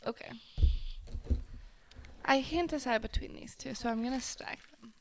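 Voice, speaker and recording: A young woman co-hosting a podcast in casual chat, playful and teasing, firing off quick questions. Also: fairly high pitch, vocal fry, a bit bright, slight background noise, poor audio. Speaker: podcast co-host.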